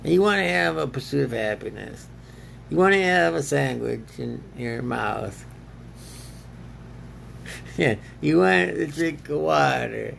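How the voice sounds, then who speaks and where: A man with a deeply gravelly, fry-heavy voice sitting a bit high for a man. He rambles slowly in a loose self-talk monologue, breaking into laughs and answering himself. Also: expressive, a bit bright, a little hiss or hum. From United States. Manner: laughs often, argues with himself in two voices.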